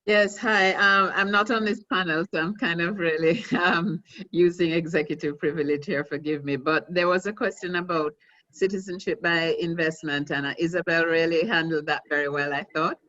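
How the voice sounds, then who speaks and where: A woman who is an organization president, giving measured, careful remarks on a webinar panel over a video call. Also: fairly low pitch, fairly even intonation, pushed and bright, no room sound. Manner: measured, careful official phrasing. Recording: dull dry video call audio.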